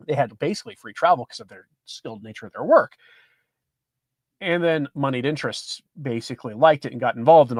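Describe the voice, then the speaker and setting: A Catholic commentator from the United States reading an article aloud and commenting on it with sardonic asides. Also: male voice, medium pitch, no room sound, studio quality. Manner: animated, sardonic, laughs at his own reading.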